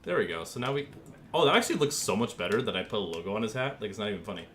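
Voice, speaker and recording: Rapid-fire and lively in intonation, a young gaming streamer with a fairly low, slightly bright voice jokes around with chat as he designs a paint scheme. He's goofy and easily amused, and there's slight background noise.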